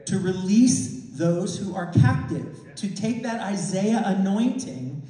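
A man's voice: high voice, animated, slow, warm tone. A man giving a testimony sermon about a mission trip, storytelling and acting out dialogue with frequent restarts and self-corrections. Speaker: minister reporting on a mission trip. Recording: echoey hall, mic far off.

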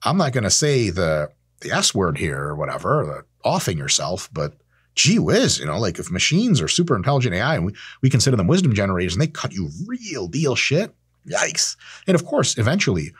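A man in his thirties hosting a casual monologue, animated and swearing freely, acting out imagined exchanges. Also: fairly low pitch, fairly quick, breathy edge. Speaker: host.

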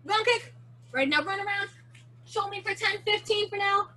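Very high bright teen girl coaching kids. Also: moderate pace. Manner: playful, chatty, explains step by step. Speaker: martial arts instructor. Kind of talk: virtual kids' class instruction. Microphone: video call.

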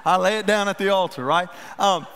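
High-voiced pastor in a hall. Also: male voice, a little fast, clear, resonant tone. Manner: folksy, animated storytelling with self-deprecating humor. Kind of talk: sermon. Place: church sanctuary. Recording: reverberant church hall.

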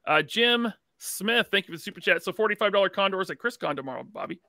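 A man's voice: high-pitched, lively intonation, quick pace, bright, forceful tone, no echo, clean studio sound. A man hosting a podcast, upbeat as he thanks viewers and reads their messages. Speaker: podcast host. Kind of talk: casual chat, reading viewer messages.

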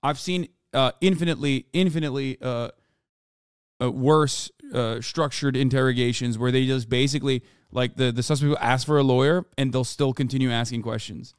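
A man's voice: medium pitch, steady tone, brisk, clear, resonant tone, dry recording, studio quality. A man reacting to a video on a live stream, talking casually, bluntly and with profanity over what plays.

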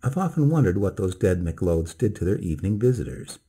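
A man doing a brisk, twinkle-eyed country doctor. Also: sits low, big pitch swings, warm tone, husky, full character voice. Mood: cheerful. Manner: brisk, teasing, clipped speech. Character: cheerful middle-aged male country doctor, twinkle-eyed. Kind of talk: storybook reading.

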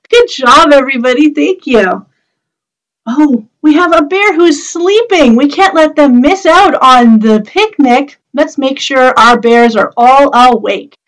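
A young woman runs a children's storytime, chanting rhymes and reading a picture book aloud. Her voice sits high, and she takes each line slowly and clearly. She coaxes the little ones to join in with a lilting, animated sing-song. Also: low-quality recording. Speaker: children's librarian.

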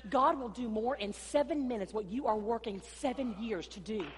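A woman pastor preaching a sermon, swinging between loud, emphatic passages and quieter storytelling, sometimes acting out voices. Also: fairly high pitch, normal speed. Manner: preaching with dramatic rises and drops, acting out dialogue. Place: church sanctuary. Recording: long church-hall reverb.

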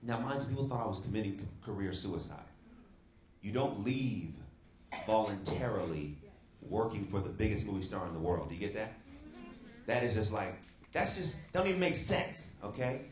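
A man giving his faith testimony to a live youth audience in a big hall, lively, calling out to the crowd and rising sharply in pitch when he gets excited. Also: moderate pace, a little hiss or hum.

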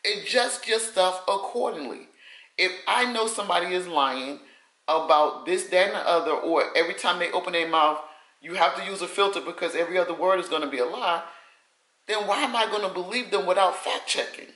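A woman's voice: on the low side, a little fast, fairly bright tone, echoey room, poor audio. A woman vlogger giving casual advice to the camera, emphatic and repeating her points with folksy sayings.

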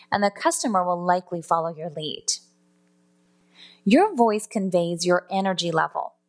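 A woman teaching customer service phone skills in a spoken lesson, explaining step by step and now and then correcting herself. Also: mid-range voice. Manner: explanatory, self-correcting, demonstrates tones aloud.

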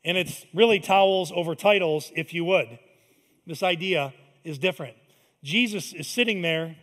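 A man preaching a sermon in a large church, conversational, swinging between loud emphatic lines and hushed asides. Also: high voice, moderate pace. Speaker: pastor. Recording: long hall reverb.

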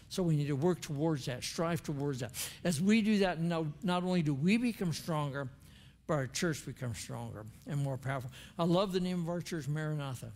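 A man's voice: on the high side, lively intonation, fairly quick, darkish tone. An older man preaching a sermon in a church, earnest and conversational, with prayers spoken aloud.

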